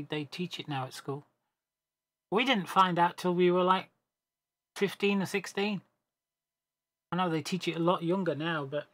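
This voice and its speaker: A man on a gaming voice chat, telling a long joke casually and rambling, with restarts and self-corrections. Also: fairly high pitch. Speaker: gamer on a team voice chat.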